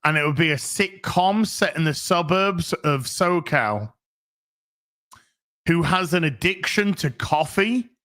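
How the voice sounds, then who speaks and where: A British man ranting as a show host, dry and scornful. He speaks slowly in a fairly high, bright voice. His sarcasm is deadpan throughout. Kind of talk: ranting video commentary.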